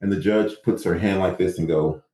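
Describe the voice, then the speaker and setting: A man's voice: deep voice, normal speed, reverberant, rough recording. A man guest in a casual interview, telling his story with animation and acting out what others said. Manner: animated, acts out quotes from others.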